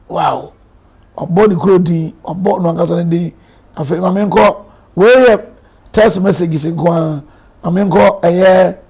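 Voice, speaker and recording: A Ghanaian bishop gives earnest, emphatic marriage counsel on a live stream. His voice sits high and carries a gravelly edge. He moves between Twi and English as he talks. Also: darkish tone.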